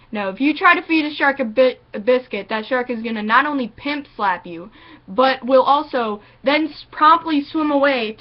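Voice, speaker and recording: Brief: high-pitched woman vlogger, sarcastic and profane, muffled lo-fi sound. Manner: sarcastic, profane, animated ranting. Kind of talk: ranting vlog monologue.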